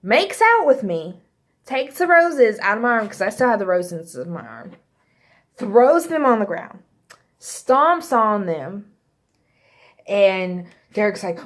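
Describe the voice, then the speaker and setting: Slow, rambling woman telling a storytime. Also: mid-range voice, very animated. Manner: rambling, self-correcting, acts out quotes. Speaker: vlogger. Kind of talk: casual storytime.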